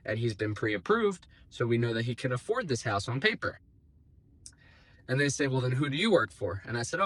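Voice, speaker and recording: A man in an ordinary middle-register voice tells a personal story straight to his audience in a relaxed vlog style. He bounces between narration and acted-out quotes. He drops dry, sarcastic asides along the way. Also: mid-range voice. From South Jersey, United States. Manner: animated retelling, acting out quoted dialogue with dry asides. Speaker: real estate agent. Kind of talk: casual storytelling to camera.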